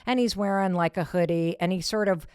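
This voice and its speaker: A woman's voice: lowish voice, brisk, a little mellow, smooth, dry recording, clean studio sound. A woman in her fifties from Michigan, hosting a podcast and telling a personal story expressively, dropping to whispers for asides and swearing casually. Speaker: podcast host.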